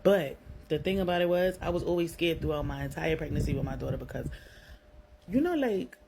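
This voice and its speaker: Speaking a little fast with lively intonation and vocal fry, this young woman from Brooklyn has a deep voice and a New York accent. She recounts something personal in a candid, slang-heavy way, swearing openly and saying "like" constantly. Background noise runs under the clip.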